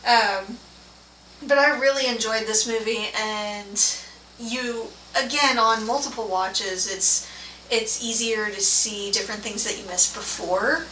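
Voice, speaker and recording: A woman co-hosting a casual movie review chat. She laughs often and talks in a relaxed, chatty way. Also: a little high, measured pace. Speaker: co-host of a movie and tea review show. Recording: roomy, from a distance, faint room noise.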